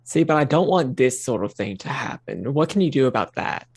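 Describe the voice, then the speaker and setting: A male player speaks his character's lines in a deadpan way. His voice is gravelly and a little husky. The sound is close and dry. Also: medium pitch, fairly quick, no echo. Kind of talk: tabletop game play.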